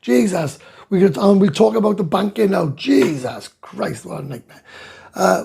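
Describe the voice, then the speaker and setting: Reading his viewers' comments on a relaxed live chat, this middle-aged Welsh host replies bluntly, with swearing and ranting. He speaks at normal speed in a high-pitched, animated, warm voice that's gravelly and very husky.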